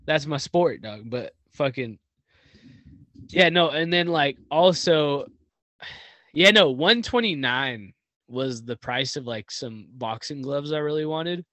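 A man's voice: on the high side, expressive, slow, a bit bright, no echo. A man co-hosting a casual podcast, talking in a slangy, rambling way with lots of swearing and fillers. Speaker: podcast co-host.

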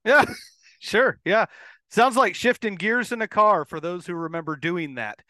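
A man hosts the interview in a chatty, teasing way, hesitating with fillers. His voice is high and bright, heard crisp and dry with no room echo. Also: expressive, moderate pace. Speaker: podcast host. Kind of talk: casual interview chat.

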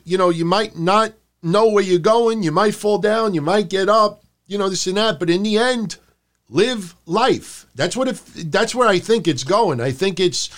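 A man's voice: sits high, a bit bright. A man co-hosting a podcast, chatting casually about wrestling and mocking promos in put-on voices. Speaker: podcast co-host.

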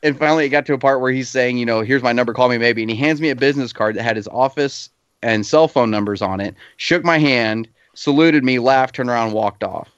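A man's voice: mid-range voice, a little fast, clear, resonant tone, dry recording, highs cut off. A man co-hosting a casual livestream, telling laughing, profane anecdotes about his army days. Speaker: podcast co-host, veteran. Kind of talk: casual livestream chat, storytelling.

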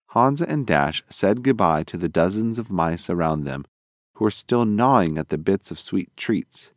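A man reading a children's story aloud as narrator, in an expressive storytelling manner. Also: low-pitched, no room sound, clean studio sound.

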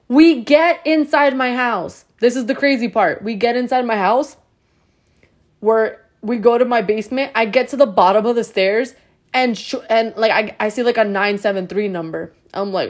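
A young woman from New Jersey telling a story in a chatty, animated way, with lots of "like". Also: fairly high pitch, fairly quick. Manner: chatty, animated, heavy use of "like". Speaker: vlogger. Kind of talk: storytime vlog.

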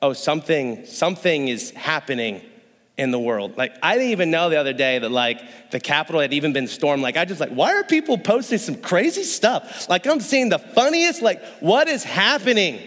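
A man's voice: high voice, very animated, a little fast, few pauses, fairly bright tone. A young man preaching a sermon in a church, joking playfully and acting out voices. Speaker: pastor. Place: church hall. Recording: long hall reverb.

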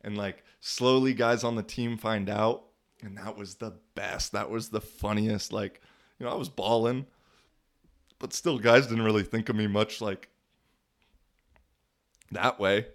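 A man's voice: fairly low pitch, fairly even intonation, measured pace, long pauses. A young man hosting a podcast, telling stories in a casual, slangy way with lots of filler words. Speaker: podcast host. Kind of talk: casual storytelling monologue.

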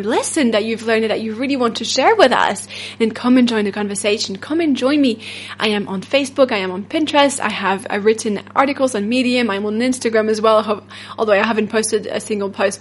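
A woman's voice: on the high side, slightly rough. Upbeat French-accented woman host. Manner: rambling, upbeat, laughs often, many fillers. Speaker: podcast host and self-love coach. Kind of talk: solo podcast monologue.

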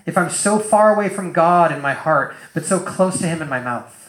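A man preaching a casual sermon in a loose, animated way, full of fillers and acted-out asides, in a church hall. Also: on the high side, normal speed. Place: church hall with a live audience. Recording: roomy echoing hall.

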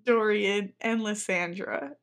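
A woman's voice: mid-range voice, slow. A woman co-hosting a book podcast, talking casually with many fillers and trailing-off sentences. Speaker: podcast co-host.

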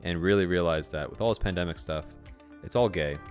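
A man's voice: deep voice, brisk, faint music behind. A man co-hosting a podcast in casual chat. He laughs often and acts out the voices in his own head. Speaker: podcast co-host.

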